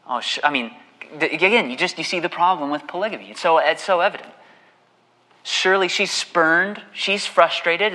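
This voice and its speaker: A man preaches a sermon with an animated delivery that turns mocking when he retells the story. His voice sits high for a man and sounds bright and forceful. It carries the long echo of a large hall. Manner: animated, mocking voice for quoted husband. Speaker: pastor.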